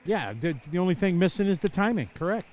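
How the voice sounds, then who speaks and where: A middle-aged man calls the action live from an outdoor racetrack, chatting casually between bursts of excitement. His voice sits a little high for a man, and he jumps from easygoing banter to quick, shouted reactions. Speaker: race commentator. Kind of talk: live play-by-play commentary.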